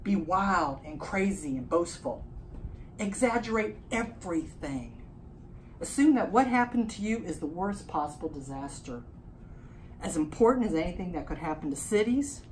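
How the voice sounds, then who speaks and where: A woman performer giving a slow, deliberate spoken-word reading in short phrases at an apartment concert, recorded on a phone camera across the room. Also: lowish voice, expressive, a little hiss or hum, poor audio. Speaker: experimental music performer.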